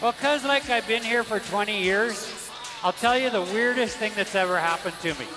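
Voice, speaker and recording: High-voiced joking rodeo clown man. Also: normal speed. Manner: playful storyteller building up a joke. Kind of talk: joking banter with announcers. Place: indoor rodeo arena. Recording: echoey arena sound system with music.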